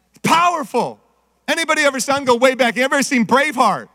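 A man preaching an animated sermon as pastor, rising to shouts and sung phrases. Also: very high-pitched, fast, no room sound.

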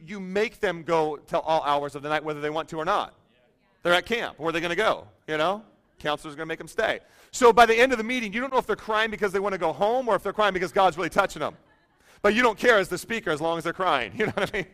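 A man's voice: sits high, fairly bright tone. A middle-aged male pastor telling a humorous, self-deprecating story in a sermon, chatty and full of fillers.

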